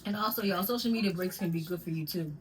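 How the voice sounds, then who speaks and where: A woman's voice: on the low side, fast, slight background noise, low-quality recording. Woman vlogging casually, words stumbling. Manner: rambling, stumbles over words and restarts; addresses viewers with "y'all". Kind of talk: casual chat to camera. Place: home at night.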